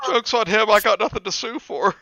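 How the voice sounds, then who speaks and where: A young man co-hosting a casual comedy chat while reading a bad book, giggly and prone to loud mock shouts. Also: high-pitched, a little fast, creaky, dry recording, highs cut off. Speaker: co-host.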